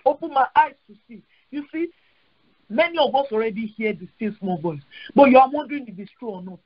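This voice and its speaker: A Nigerian woman pastor leads a prayer call through a phone dial-in, preaching fervent, repetitive declarations and praying in tongues. Her voice is on the high side, expressive and breathy-edged, and she talks fast; the call audio is dull and lo-fi.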